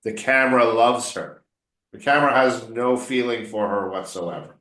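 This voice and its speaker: A man's voice: mid-range voice, moderate pace, a bit bright. A man coaching English one on one, patiently explaining words and drilling pronunciation by repeating them. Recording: roomy echo.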